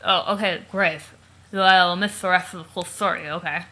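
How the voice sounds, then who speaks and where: A woman's voice: lowish voice, fairly even intonation, a little fast, bright, forceful tone, voice pushed down. Woman doing a sullen, mumbling teen boy. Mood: sulky. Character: grumpy crude teenage boy, mouth full of teeth. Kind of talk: voice acting a comic for a let's play.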